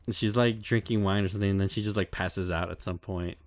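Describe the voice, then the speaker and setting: A man's voice: low voice, fairly even intonation, quick pace, no room sound. A man co-hosting a podcast, recapping episodes in loose, profane chat with lots of laughs and fillers. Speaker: podcast co-host. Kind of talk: casual chat, recapping an anime.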